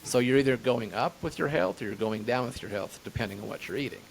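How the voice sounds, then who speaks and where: A man who works as a chiropractor, answering interview questions in a halting, casual way. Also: medium pitch, vocal fry, slight background noise. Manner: hesitant, lots of fillers and restarts. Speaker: chiropractor guest.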